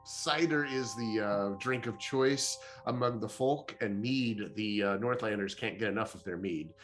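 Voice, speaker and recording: A man's voice: on the low side, a little slow, soft background music. A man running a tabletop game as game master, explaining lore casually with jokes and frequent fillers.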